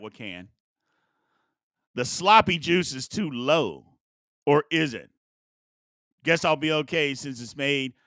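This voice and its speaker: A man's voice: a little high, dry recording, clean studio sound. A man hosting a live-streamed talk show, chatting playfully with viewers and repeating his points for emphasis. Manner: animated, repetitive, playful asides. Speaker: sports talk show host.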